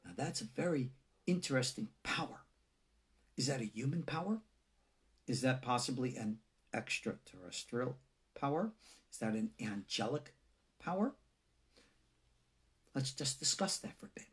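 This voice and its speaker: A rabbi gives a lesson in a relaxed, conversational style, asking his audience rhetorical questions. His husky, animated voice moves at a moderate pace with long pauses, ranging widely in pitch when he acts out quotes and sometimes sinking nearly to a whisper.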